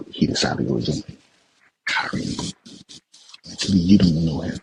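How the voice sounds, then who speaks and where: Gravelly deep-voiced man ranting. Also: steady tone, normal speed, pauses often, background noise. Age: young adult. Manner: heated, repetitive, swears when upset. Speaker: podcast host. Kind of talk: ranting sports commentary.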